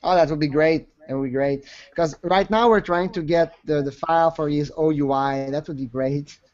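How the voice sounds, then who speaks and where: A man's voice: fairly high pitch, normal speed, darkish tone. A man hosting a casual group call chat, laughing often and apologizing a lot. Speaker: show host. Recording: lo-fi call audio.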